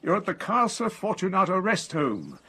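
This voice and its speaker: A polished old expatriate. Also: male voice, high-pitched, wildly swooping pitch, normal speed, pushed and bright, husky, heavily acted. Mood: explanatory. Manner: polished, eager, lecturing. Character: well-spoken elderly English expatriate man, fussy, explanatory. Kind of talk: radio comedy drama.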